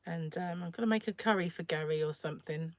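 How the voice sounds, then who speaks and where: A croaky woman chats away on a crochet livestream, her voice a touch low and recorded close and dry on a phone. She rambles easily from one thought to the next, pausing to clear her throat. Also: no echo. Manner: chatty and rambling, often trails off. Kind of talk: casual livestream chat while crocheting.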